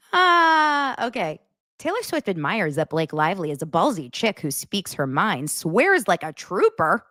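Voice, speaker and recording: A woman's voice: mid-range voice, very animated, slow pace, long pauses, fairly bright tone, no echo, studio quality. A woman hosting a casual celebrity gossip show, chatty and sarcastic, often laughing. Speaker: host.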